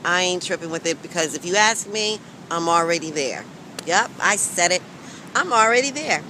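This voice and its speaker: A woman with a somewhat low voice chats candidly to her viewers, frank and emphatic. She speaks outdoors on a city street early in the morning. Clear traffic rumble runs under her voice. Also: moderate pace. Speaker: vlogger. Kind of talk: candid weight-loss vlog chat.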